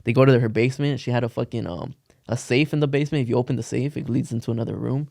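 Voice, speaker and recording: A man's voice: mid-range voice, very fast, creaky, a little mellow, dry recording, studio quality. A young man casually telling a long story on a podcast, rambling with lots of "like" and cursing slang. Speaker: podcast co-host.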